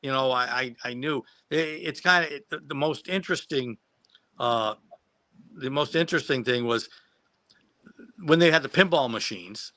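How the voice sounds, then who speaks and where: A man recounts old memories in a loose, meandering way, stumbling over his starts and chuckling along. His voice is bright and forceful. The sound is dry and close. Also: medium pitch, normal speed, long pauses, dry recording. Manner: rambling, many restarts, laughs at own story. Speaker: guest who acted as a child extra. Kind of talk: casual anecdote on a live stream.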